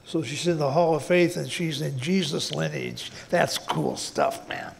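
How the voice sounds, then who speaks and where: A man's voice: fairly high pitch, big pitch swings, a little slow, gravelly, big-room sound, a little hiss or hum. A man preaching a sermon as pastor, folksy and plain-spoken, often repeating words and tossing in "man". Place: church sanctuary.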